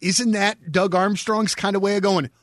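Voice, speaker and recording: An excitable man co-hosting a casual hockey podcast and reading the sign-off. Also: high voice, moderate pace, dry recording, studio quality. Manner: excitable, says dude a lot. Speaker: podcast co-host. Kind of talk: casual sports chat.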